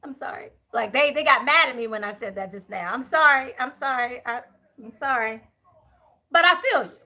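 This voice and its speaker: A woman giving a chatty live tarot reading, talking to viewers and spirits, with many fillers and quick apologies. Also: a little high, expressive, pushed and bright. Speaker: tarot reader.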